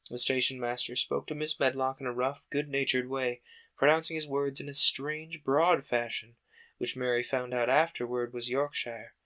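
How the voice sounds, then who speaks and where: A man host reading a classic children's book aloud in a calm, steady narration. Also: medium pitch, moderate pace. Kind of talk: audiobook-style narration.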